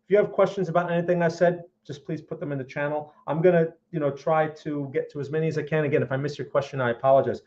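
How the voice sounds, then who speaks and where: A man's voice: on the high side, steady tone, fast, hardly any pauses, a little mellow, lo-fi sound. A man hosting a live market analysis stream, speaking emphatically and often checking in with "okay?" and "right?". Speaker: trading analyst host.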